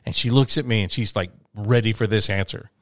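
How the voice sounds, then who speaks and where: A middle-aged man chatting casually as a podcast co-host, telling animated stories and laughing easily. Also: fairly low pitch, a little fast, no room sound, studio quality. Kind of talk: casual chat.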